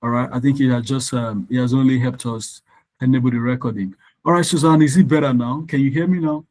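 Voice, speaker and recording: A man's voice: medium pitch, fairly even intonation, a little fast, darkish tone, rough recording. Male tutor teaching an online class. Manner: explains step by step, checks if students can hear. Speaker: exam tutor.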